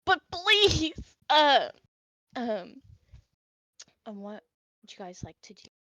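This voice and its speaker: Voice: high voice, big pitch swings, pushed and bright, no echo, full character voice. A woman voicing a desperate male merchant who begs and pushes a deal. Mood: pushy. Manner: pleading, fast salesman patter.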